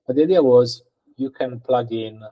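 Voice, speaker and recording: A guest data engineer answers podcast interview questions in a medium-pitched voice at a moderate pace, heard with phone-quality sound. He explains things conversationally, thinking aloud with frequent fillers and restarts.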